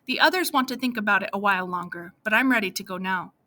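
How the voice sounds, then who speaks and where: A woman voicing a cautious middle-aged man weighing a risky escape, wary and measured, in an audiobook reading. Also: medium pitch, pushed and bright, close to an everyday voice.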